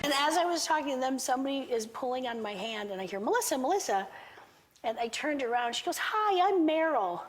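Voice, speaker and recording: A woman telling an excited, self-mocking story as an interview guest. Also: sits high, quick pace. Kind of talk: excited anecdote. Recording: loud background noise.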